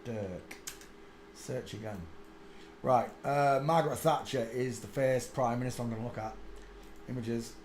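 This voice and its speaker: A man's voice: mid-range voice, measured pace, pauses often, a little mellow, slight background noise. A man, rambling crudely through a casual live stream and mocking himself. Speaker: host. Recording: echoey room.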